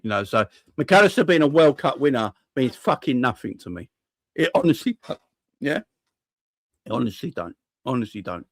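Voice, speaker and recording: With big pitch swings and frequent pauses, a young man at medium pitch and normal speed rages about a football defeat on his fan channel. He swears, goes over the same points, and asks rhetorical questions, recorded with no echo.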